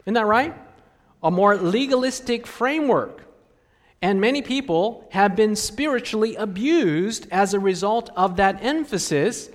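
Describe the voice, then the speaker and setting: In a church sanctuary with a big-room sound, a high-voiced male pastor preaches in an animated, unhurried way. His sermon feels like a conversation, with frequent questions for the congregation.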